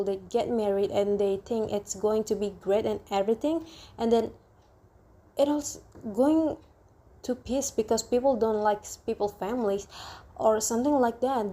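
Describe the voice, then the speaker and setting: A prickly young newlywed wife, as a woman reads her, keeps pressing her grievances in a reproachful voice. The tone sits a little high and stays soft and mellow. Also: fairly even intonation, moderate pace, natural voice. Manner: reproachful, insistent. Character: young newlywed bride, touchy and quick to quarrel.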